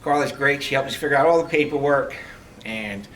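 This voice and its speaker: A middle-aged man giving a heartfelt farewell speech as a retiring police lieutenant, telling stories with halting restarts. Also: a little high, little pitch movement, a bit bright. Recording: distant mic, faint background noise.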